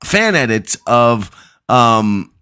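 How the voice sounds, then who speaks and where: A man's voice: medium pitch, big pitch swings, drawn-out words, bright, forceful tone, clean tone. A man hosting a livestream podcast, rambling in playful, self-deprecating casual chat. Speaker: podcast host.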